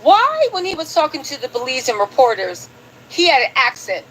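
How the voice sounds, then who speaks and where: A woman hosts a live commentary stream and talks emphatically as she scolds her audience. Her voice sits high. A light hiss runs underneath. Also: sing-song, normal speed, fairly bright tone, low-quality recording. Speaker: commentary show host.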